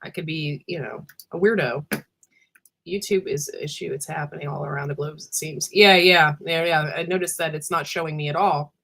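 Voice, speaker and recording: A woman's voice: low voice, fairly even intonation, normal speed, a bit bright. A woman hosting a casual livestream, rambling between asides and greeting viewers by name one by one, with plenty of ums and trailing thoughts. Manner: lots of fillers and trailing asides. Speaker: livestream host.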